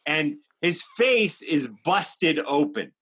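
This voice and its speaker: Bright-voiced man in his fifties, chatty. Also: on the high side, lively intonation, slow pace. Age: 50s. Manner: chatty, anecdotal, with frequent fillers and restarts. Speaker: talk show host. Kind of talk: animated storytelling. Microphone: live stream microphone.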